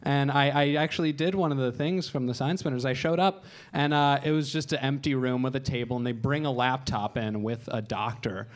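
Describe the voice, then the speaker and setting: A man in his thirties does stand-up storytelling on a comedy show stage, deadpan and crude. He slips into voices for the people he quotes, speaking at a medium pitch and a brisk pace.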